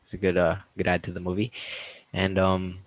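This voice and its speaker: A man's voice: sits low, monotone, moderate pace, no echo, rough recording. A man co-hosting a casual movie review podcast, agreeable and upbeat, often chiming in to back his partner up. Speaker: podcast co-host.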